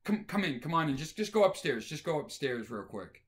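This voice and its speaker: A man's voice: fairly high pitch, sing-song, a little fast. A man voicing an exasperated woman who hurries her date upstairs, urgent and scolding. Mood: hurried.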